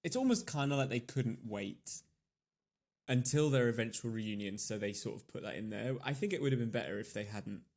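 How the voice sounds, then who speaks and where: A man's voice: lowish voice, a little fast, darkish tone. A man co-hosting a podcast, talking animatedly with lots of fillers and casual swearing. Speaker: podcast co-host. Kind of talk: casual chat.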